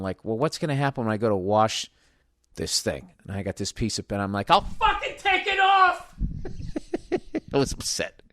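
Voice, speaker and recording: A man's voice: lowish voice, no echo, studio quality. Profane, exasperated man ranting on a podcast. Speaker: podcast host. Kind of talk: comedic podcast rant.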